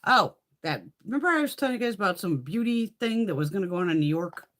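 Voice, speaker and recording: A woman's voice: mid-range voice, very animated, fast, fairly bright tone. A middle-aged woman hosting a casual beauty livestream, chatting freely, swearing often and laughing between thoughts. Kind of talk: casual live chat.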